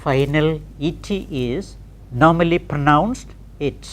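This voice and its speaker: Speaking slowly in a low voice, a middle-aged woman leads a recorded pronunciation lesson, spelling words out one letter at a time and repeating them with care.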